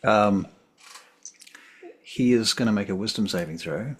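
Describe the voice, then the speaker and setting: A man's voice: fairly low pitch, measured pace, fairly bright tone, slight background noise. A man running a tabletop game as game master, easygoing and thinking aloud as he tallies dice.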